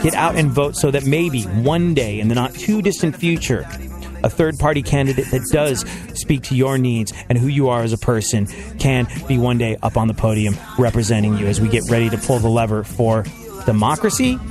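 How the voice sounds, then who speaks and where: A man's voice: mid-range voice, brisk, music in the background. A man hosting a radio show in casual chat, joking, laughing often and rambling.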